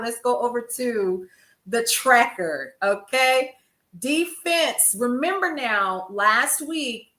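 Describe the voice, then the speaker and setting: Older lady doing casual news talk, chatty and laughs a lot, voice kinda high, echoey room. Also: sharp tone. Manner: chatty, laughs often, talks to viewers. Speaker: host. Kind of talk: casual livestream news commentary.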